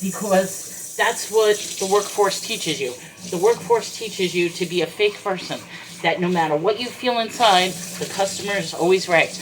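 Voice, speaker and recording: Washing dishes in her kitchen, a vlogger with a medium-pitched voice vents about her struggles at a moderate pace, fighting back tears. Background noise fills the recording of this emotional personal rant.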